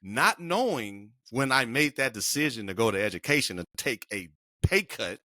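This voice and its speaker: A man's voice: mid-range voice, very animated, moderate pace, sharp tone, no echo, clean studio sound. A middle-aged man co-hosting a podcast, telling a personal story in an emphatic, slangy way. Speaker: podcast co-host. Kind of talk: casual podcast conversation.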